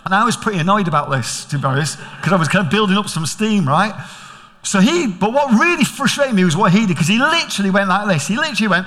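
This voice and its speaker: A man's voice: high voice, quick pace. An older man preaching a sermon in a church, telling stories and asking the congregation questions. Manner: storytelling, animated, questioning. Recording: reverberant church hall.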